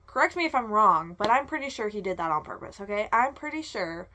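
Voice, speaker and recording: A young woman vlogger ranting in casual chat, animated and swearing freely. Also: mid-range voice, normal speed.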